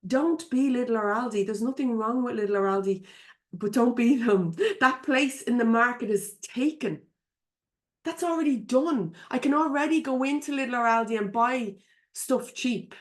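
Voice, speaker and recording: A business coach from Ireland, speaking at normal speed in a fairly high voice, hosts a live coaching webinar from her computer at home. She's frank and talkative, often laughing and dropping casual swear words.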